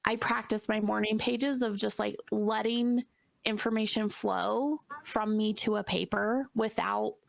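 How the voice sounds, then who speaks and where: Gravelly reflective woman co-host. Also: medium pitch, steady tone, unhurried, no echo. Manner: reflective, thinking aloud with many "like" fillers. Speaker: podcast co-host. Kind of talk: casual interview chat.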